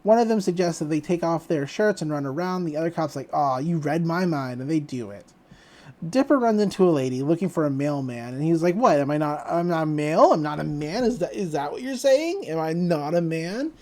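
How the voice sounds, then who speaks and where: A woman hosting a podcast, casually recapping a cartoon episode with laughs and acted-out lines. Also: low-pitched. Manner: animated, laughing, acting out quoted lines. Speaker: podcast host.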